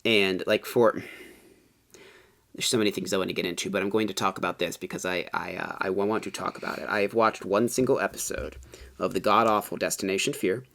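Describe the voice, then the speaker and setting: A man with a somewhat low voice and a bright, forceful tone co-hosts a casual chat. He rambles with plenty of filler words and gets animated when he rants. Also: brisk, creaky. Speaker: co-host.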